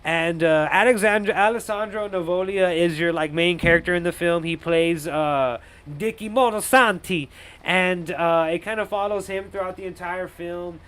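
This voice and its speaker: A man's voice: sits high, normal speed, a bit bright, smooth. A young man giving a casual, crude, rambling movie review on a live stream, often laughing at his own jokes.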